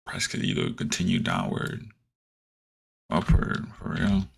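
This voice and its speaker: Muttering and humming as he reads his trading charts on stream, a man chats to himself and throws in playful slang asides. He has a bass voice that's sing-song, a little slow, creaky and husky.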